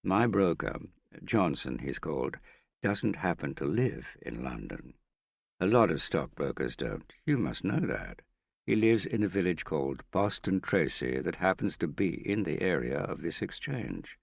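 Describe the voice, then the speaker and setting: A man playing a calm evasive schemer. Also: sits low, a little slow, vocal fry, no echo, studio quality, exaggerated voice. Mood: patient. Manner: calm, patient, deflecting. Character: smooth evasive middle-aged male schemer.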